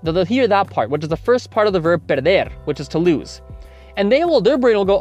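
Chatty podcast host explaining language learning. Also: male voice, sits high, big pitch swings, a little fast, a little mellow, faint music behind. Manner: chatty, explains with self-corrections and examples. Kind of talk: casual spoken lesson.

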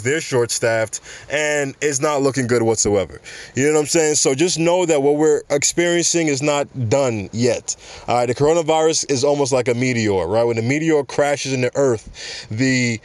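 A man's voice: mid-range voice, moderate pace, no echo. Casual New podcast man, dry sound. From New York. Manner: casual, street-slangy, rambling asides. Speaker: podcast host. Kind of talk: solo podcast commentary. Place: home in South Florida.

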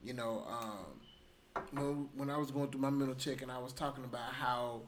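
A man co-hosting a podcast in casual chat, trading loud mock-indignant banter and then musing more slowly. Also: mid-range voice, background noise. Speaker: podcast co-host.

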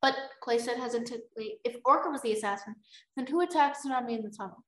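A young woman co-hosting a podcast, reading a book aloud and breaking off into excited, animated reactions. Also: on the high side, fast talker. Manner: animated, bursts into exclaims and laughs. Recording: echoey room.

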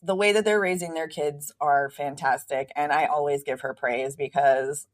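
A woman's voice: low voice, fairly even intonation, normal speed. A woman co-hosting a casual podcast who talks bluntly, teases her co-host and laughs easily. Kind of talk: casual chat.

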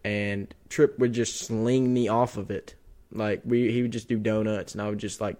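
A young man co-hosting a podcast, telling a childhood story in a casual, animated way with lots of restarts. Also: fairly low pitch, normal speed. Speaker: podcast co-host.

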